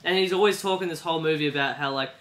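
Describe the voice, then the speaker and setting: A man's voice: a little high, very fast, crowd noise. A young man retelling a movie plot in casual chat, rambling and acting out characters in silly voices. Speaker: podcast co-host.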